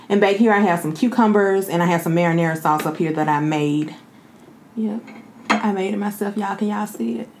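A woman's voice: mid-range voice, a little mellow, slight background noise. A woman hosting a mukbang video, chatting casually with viewers and calling them y'all. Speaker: mukbang host. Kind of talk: casual eating vlog chat.

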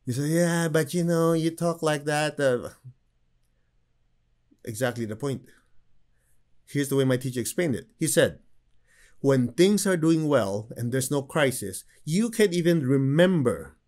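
A man teaching a spiritual class, telling stories with humor and acting out the people he quotes. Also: medium pitch. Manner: animated storyteller who acts out quoted people. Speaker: meditation teacher.

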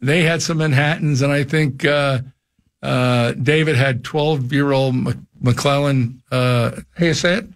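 An older man, a radio show guest, telling casual stories in an animated way, his voice jumping high when he acts out shouts. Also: a little slow. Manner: animated storyteller, jumps high for quoted shouts. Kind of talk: casual storytelling chat. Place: radio studio.

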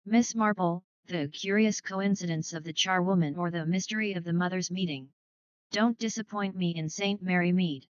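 A woman voicing a playful, formal older gentleman in a dry, dull recording. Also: lowish voice, normal speed, smooth, no echo, lightly acted. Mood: teasing. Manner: playful, formal, mock-solemn. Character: genteel older English gentleman, twinkling and teasing.

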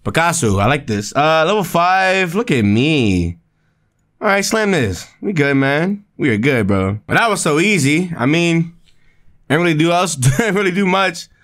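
Excitable young man playing a game. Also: a little slow. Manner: loud, excitable, slangy, jumps up in pitch when reacting. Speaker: gaming video creator. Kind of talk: excited let's-play commentary.

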